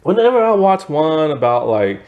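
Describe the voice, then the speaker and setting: A man giving a casual spoken video review of a TV series, rambling, filling pauses with fillers and laughing often. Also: fairly high pitch, sing-song, phone-quality sound.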